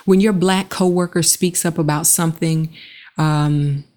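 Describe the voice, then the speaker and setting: Slow, earnest woman with a low voice. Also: steady tone, darkish tone. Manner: earnest, measured, pausing between phrases. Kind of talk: reflective monologue with guided breathing.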